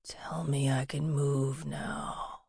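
A woman voicing an intense, hungry young man with a low, rasping voice. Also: measured pace, darkish tone, no echo, clean studio sound, exaggerated voice. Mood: harsh whisper.

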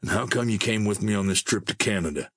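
A man's voice: lowish voice, quick pace, breathy edge, dry recording, studio quality. A man voicing a hopeful, sheepish young male wasteland drifter, speaking in a mild, defensive way. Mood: subdued.

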